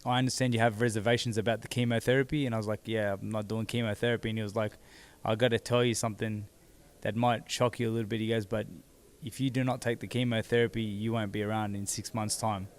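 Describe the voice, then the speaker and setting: A man, seated as an interview guest, telling his own story in a halting way that repeats words as he goes. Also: on the low side, little pitch movement, clean tone. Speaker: interview guest, former boxing champion. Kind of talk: candid personal storytelling.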